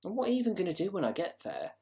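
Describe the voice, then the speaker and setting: A man's voice: sits high, wildly swooping pitch, rapid-fire, darkish tone. A man hosting a casual livestream, chatting to viewers in a rambling, sarcastic, sweary way. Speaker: livestream host.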